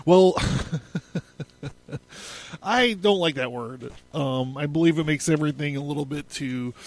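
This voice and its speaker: A man's voice: a little high, normal speed. A man hosting a solo podcast, rambling and profane, laughing often and stammering through his notes. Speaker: podcast host. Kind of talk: casual solo podcast commentary.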